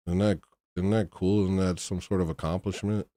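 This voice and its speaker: A man's voice: sits low, fairly even intonation, normal speed, dark tone, no room sound. A man hosting a livestream, talking casually in a sarcastic, exasperated way, sounding tired. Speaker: livestream host.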